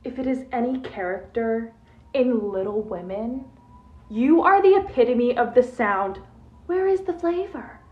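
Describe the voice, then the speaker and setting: A woman's voice: on the high side, a little mellow, slight background noise. Teasing woman in a roomy, distant recording. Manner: teasing, blunt. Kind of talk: casual talk to camera. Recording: roomy, distant, dull sound.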